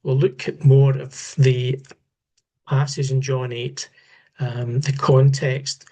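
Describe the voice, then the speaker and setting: Man, Bible teacher, slow deliberate delivery, frequent restarts, unscripted study talk. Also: mid-range voice, level tone, warm tone. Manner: measured, halting, with repeated restarts.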